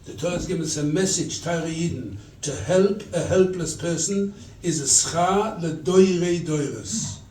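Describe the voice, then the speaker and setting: A rabbi from England giving a sermon at a charity event, telling stories and acting out the dialogue. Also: male voice, a little high, moderate pace, hardly any pauses, a little mellow, slight background noise. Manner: storytelling, quotes scripture and acts out dialogue. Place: event hall. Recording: echoey room, distant mic.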